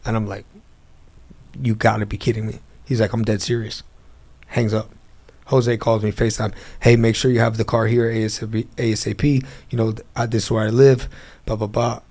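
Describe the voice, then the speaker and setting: A man's voice: on the low side, little pitch movement, fairly quick, a little mellow. A man, a guest in a casual interview, telling a long story and acting out the phone calls in it. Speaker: interview guest, car dealer.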